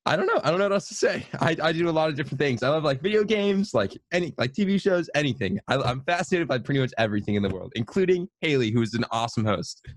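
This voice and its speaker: A man's voice: a little high, lively intonation, fast, few pauses, no room sound. A man in his twenties, a podcast guest, talking casually in a modest, hesitant way with many fillers. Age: 20s.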